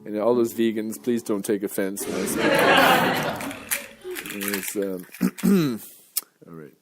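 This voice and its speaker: A man's voice: lowish voice, big pitch swings, takes it slowly. Rambling man doing live comedy. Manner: rambling, laughing at his own slips. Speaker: comedian and kirtan singer. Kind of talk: live stand-up banter and singing. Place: live venue with an audience. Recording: live show with music and crowd. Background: guitar music and a crowd.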